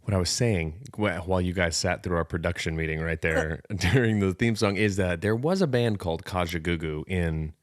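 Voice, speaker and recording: A man with a fairly low voice chats loosely on a podcast, rambling from joke to joke and poking fun at himself. The sound is dry and close, with no room around it. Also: no echo. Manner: rambling, jokey, self-deprecating, quick asides. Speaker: podcast co-host. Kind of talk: casual chat.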